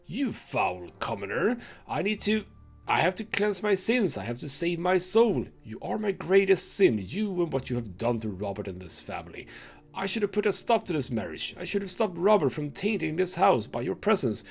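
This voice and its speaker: A man's voice: fairly high pitch, sing-song, moderate pace, creaky, husky, faint music behind, voice pushed up, heavily acted. A man voicing a gaunt old nobleman driven to madness, ranting with scorn and religious fervor in a game reading. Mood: raging, fanatical. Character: gaunt, maddened old male nobleman, venomous.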